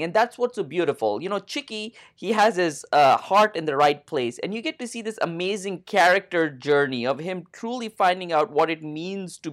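A man co-hosting a comedic movie-debate podcast, delivering over-earnest praise with a sarcastic edge. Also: a little high. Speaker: podcast co-host.

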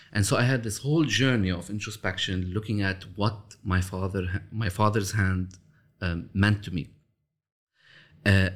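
A man with a fairly low voice talks through his ideas in an interview. He speaks thoughtfully, with frequent pauses, restarts and slowed-down emphasis. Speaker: interview guest, author of a love system. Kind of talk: reflective storytelling interview.

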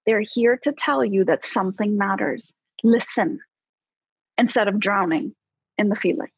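A woman psychologist, a podcast guest, explaining how to handle emotions in a lively, coaching way with casual fillers. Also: mid-range voice, normal speed, slightly rough, no echo. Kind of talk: conversational podcast advice. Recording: slightly dull, dry podcast audio.

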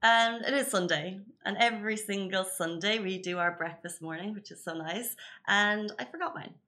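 Bright-voiced upbeat woman podcast host. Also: mid-range voice, moderate pace. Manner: chatty, upbeat and animated. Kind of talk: casual news podcast chat. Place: studio in Dubai.

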